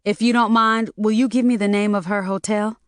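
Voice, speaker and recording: A woman's voice: mid-range voice, steady tone, fairly quick, no room sound, clean studio sound, pitched above the performer's own voice, natural voice. A woman voicing a worried, determined mother who speaks sharply and insistently. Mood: urgent.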